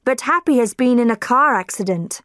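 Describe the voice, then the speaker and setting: A woman's voice: a little high, lively intonation, fairly quick, fairly bright tone, dry recording, clean studio sound, pitched above the performer's own voice. A woman narrator voicing a clever middle-aged lady detective who speaks firmly and takes command. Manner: firm and commanding.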